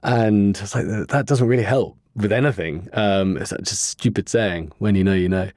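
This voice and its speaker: A man guest on a podcast, earnestly telling a personal story in a rambling way with pauses and fillers. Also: fairly low pitch, a little mellow, no room sound, studio quality. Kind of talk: casual interview storytelling.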